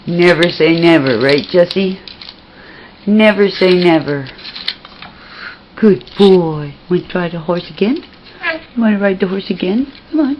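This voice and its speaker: A woman's voice: lowish voice, muffled recording, a little hiss or hum. A woman filming her pet at home on a handheld camcorder, coaxing and praising it in cooing baby talk. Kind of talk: home video chat with a pet.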